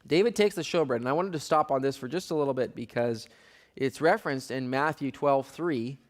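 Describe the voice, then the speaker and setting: A man teaching a Bible study, reading scripture aloud and then explaining it in a relaxed, conversational way with wry asides. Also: medium pitch.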